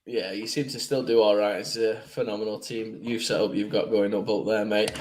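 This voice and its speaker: A man's voice: fairly low pitch, steady tone, a little fast, a little mellow, low-quality recording. A man hosting a casual podcast, joking around, laughing often and swearing freely. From Manchester. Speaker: podcast host. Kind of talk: casual banter.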